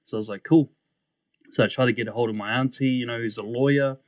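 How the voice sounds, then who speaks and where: A young man, a podcast guest telling his story in a casual, animated way, acting out the voices he quotes and laughing often. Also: mid-range voice, quick pace, no echo.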